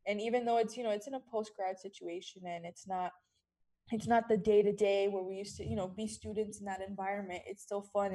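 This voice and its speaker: A woman's voice: medium pitch, warm tone. A young woman in her twenties hosting a radio show, chatty and friendly with light laughs.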